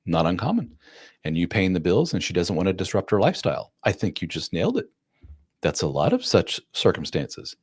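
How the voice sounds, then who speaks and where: A male live-stream host with a deep voice that swings widely up and down gives divorced dads blunt, casual relationship advice, calling listeners man and dude. He is brisk and animated, acts out quoted voices, and has a breathy edge, with a dry, close sound and no echo.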